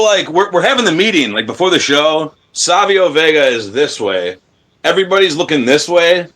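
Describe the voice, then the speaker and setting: On a podcast, a wrestler guest tells loose, profane stories from the road in a casual interview, laughing often. His voice sits on the high side and sounds bright and forceful.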